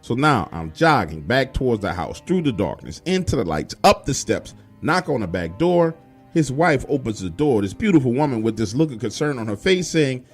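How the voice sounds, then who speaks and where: A male storyteller recounts a creepy night in a loose, profane, emphatic way. His pitch swings animatedly from line to line. Soft music plays underneath. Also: sing-song, fairly quick. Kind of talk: first-person horror storytelling.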